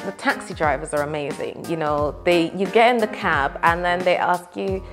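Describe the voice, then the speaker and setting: A woman from England, a teacher, speaking in a thoughtful, measured way in a documentary interview. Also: lowish voice, over music.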